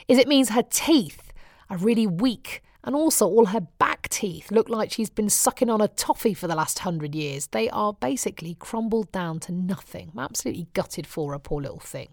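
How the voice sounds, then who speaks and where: A woman's voice: medium pitch, lively intonation, normal speed, dry recording. Brief: middle-aged British woman, wry chatty presenter, dry close sound. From Britain. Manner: wry, chatty storytelling with frequent laughs. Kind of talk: chatty personal diary monologue.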